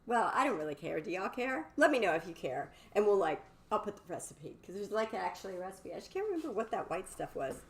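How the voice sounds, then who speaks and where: A woman's voice: mid-range voice, sing-song, fast talker, few pauses. A bubbly, chatty woman hosts a live cooking stream from her home kitchen and talks to her viewers. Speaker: cooking livestream host.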